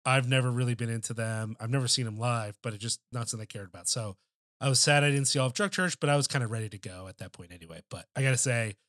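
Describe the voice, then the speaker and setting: A man's voice: medium pitch, fast, fairly bright tone, dry recording, studio quality. A man co-hosting a podcast in casual chat, telling a loose, profane story with lots of filler words. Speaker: podcast co-host.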